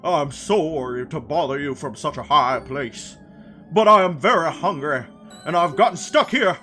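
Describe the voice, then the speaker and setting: Man voicing a grateful, gushing Goron in a game, loud and formal, voice on the high side. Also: measured pace, faint music behind. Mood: excited. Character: hungry male Goron stuck up high, polite and grateful.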